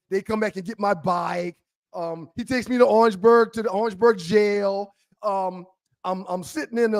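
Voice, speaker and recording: A man co-hosting a talk show, telling an animated story and acting out a shouting cop. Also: sits high, no echo. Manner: acts out a cop's voice, loud and shouting.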